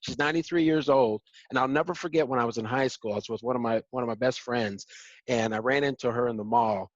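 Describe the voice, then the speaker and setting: A man's voice: mid-range voice, fast, dry recording, dull audio. A man hosting a panel discussion, speaking conversationally with many stammering restarts. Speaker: host.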